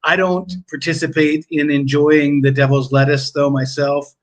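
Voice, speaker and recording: Brief: male co-host, slightly high voice, dry and relaxed, hesitant fillers. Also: moderate pace. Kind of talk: casual chat on a live betting stream.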